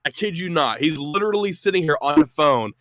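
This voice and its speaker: A man's voice: fairly high pitch, expressive, fairly quick, crowd noise. A man appearing as a guest, telling a rambling, profane story in a casual call-in chat.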